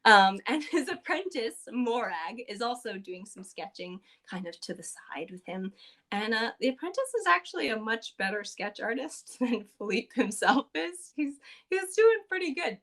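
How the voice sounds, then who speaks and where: A woman's voice: fairly high pitch, very animated, moderate pace, a bit bright. A woman podcast co-host casually recapping a tabletop game session, chatty and loose with lots of fillers.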